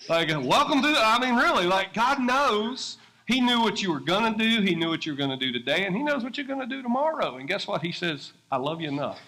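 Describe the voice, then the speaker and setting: Excitable pastor, bright voice. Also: male voice, sits high. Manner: excitable, laughing, swinging between loud and hushed. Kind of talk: sermon-style interview on stage. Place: church service.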